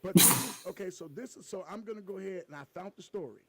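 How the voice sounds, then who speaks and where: A man co-hosting a podcast in casual comedic chat, an animated storyteller with loud bursts. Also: sits high, fast, crowd noise. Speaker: podcast co-host.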